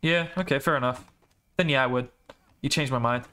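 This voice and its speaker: A young man playing a game with a friend, chatting casually, swearing and yelling in mock outrage. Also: medium pitch, smooth. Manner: loud, swearing, quick to yell in mock outrage. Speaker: gaming channel host. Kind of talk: casual co-op gameplay banter.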